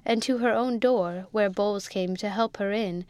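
A woman's voice: mid-range voice, moderate pace, a little mellow, clear, resonant tone, no room sound, close to an everyday voice. A woman voicing a big, sulky guardsman husband who blusters and stammers, in a storybook reading. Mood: flustered.

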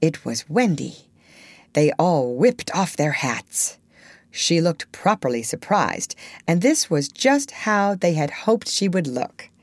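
Woman narrating a storybook, unhurried and expressive, close dry sound. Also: deep voice, no room sound. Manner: measured, expressive reading. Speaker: audiobook reader.

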